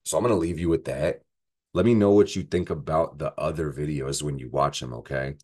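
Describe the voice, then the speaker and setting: A man's voice: extremely low pitch, a little fast, mellow, slightly rough. A man giving a casual astrology forecast, profane and rambling, joking as he goes through the week. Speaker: astrology vlogger.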